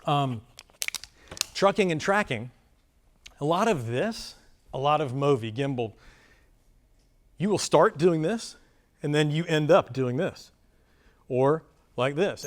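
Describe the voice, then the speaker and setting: A man teaches a live workshop on camera movement to a seated audience. He talks in a loose, rambling, animated way and pokes fun at himself as he goes. His voice sits slightly higher than most men's. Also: a little slow, long pauses. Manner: rambling, self-deprecating, animated. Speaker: workshop presenter. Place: conference room before a live audience.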